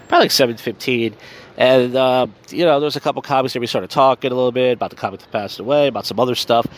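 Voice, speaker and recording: A man hosting his own podcast, rambling casually through his week with fillers and swearing while out on a walk. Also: medium pitch. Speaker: podcast host. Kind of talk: casual solo chat on a walk. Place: outdoors on a street at night.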